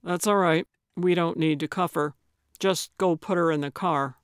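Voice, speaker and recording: A woman's voice: lowish voice, steady tone, normal speed, dry recording, clean studio sound, close to an everyday voice. A woman narrator voicing a stern, weary male sheriff's deputy who speaks curtly and firmly. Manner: curt and firm.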